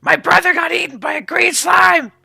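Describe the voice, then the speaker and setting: A man voicing a tiny frantic male kobold, yelping in shrill outbursts. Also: fairly even intonation, normal speed, vocal fry, pushed and bright, slight background noise, exaggerated voice.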